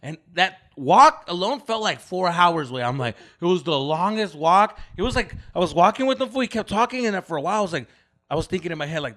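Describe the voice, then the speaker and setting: A young man casually telling a long story on a podcast, animated and heavy on slang and profanity, acting out what people said. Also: on the high side, fast talker. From United States. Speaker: podcast co-host.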